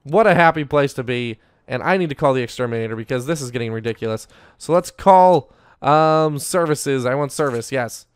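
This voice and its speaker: A man's voice: medium pitch, animated, fairly quick, few pauses, smooth, dry recording, clean studio sound. A young man giving casual, upbeat Let's Play commentary as he plays, often talking to his viewers directly. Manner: chatty, upbeat, talks to viewers as "you guys". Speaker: gaming YouTuber.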